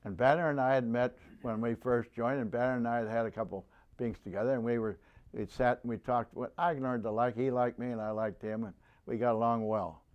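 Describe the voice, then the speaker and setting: A man's voice: medium pitch, steady tone, fairly quick, dull audio. A man in his nineties, a veteran, tells a rambling war story with many restarts and acts out the voices of the people he quotes. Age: 90s. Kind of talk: oral history storytelling.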